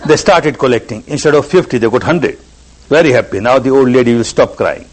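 A man's voice: mid-range voice, fairly quick, a little mellow, breathy edge, poor audio. A man giving a spiritual discourse as a meditation teacher. He stresses his points by repeating words and phrases.

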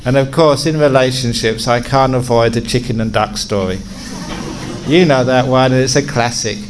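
Expressive middle-aged male teacher. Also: medium pitch, moderate pace, noisy background. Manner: warm-humoured, expressive storyteller. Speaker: meditation teacher giving regular talks. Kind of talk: storytelling talk to a live audience.

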